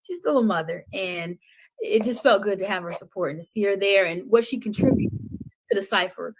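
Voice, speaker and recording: A middle-aged woman, a podcast guest, speaking with passion and conviction, often dropping to a soft, intense tone. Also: medium pitch, a little fast, slightly rough. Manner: impassioned, preachy, drops to soft intensity. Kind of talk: passionate conversational talk.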